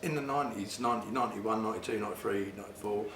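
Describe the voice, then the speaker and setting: A chummy interviewer keeps prodding his friend for stories in a relaxed chat. His voice rings in an echoey shop, with a faint hiss in the background. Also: lowish voice, very fast.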